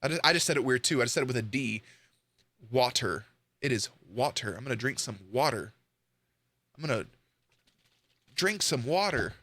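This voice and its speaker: A man's voice: mid-range voice, animated, a little fast, long pauses, pushed and bright, no room sound. A young man giving casual, blunt reaction commentary to a video, swearing freely and joking.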